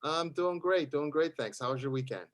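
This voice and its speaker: A man in a networking group role-playing a referral call, speaking in a friendly, steady way with slight hesitations. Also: fairly high pitch, normal speed, dry recording.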